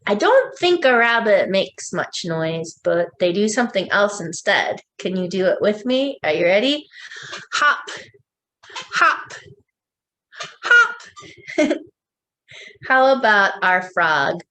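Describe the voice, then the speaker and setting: A woman, a children's librarian, leading a preschool storytime with songs, animal sounds and a picture book read aloud in a slow, sing-song, coaxing way. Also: mid-range voice, sing-song, fairly bright tone.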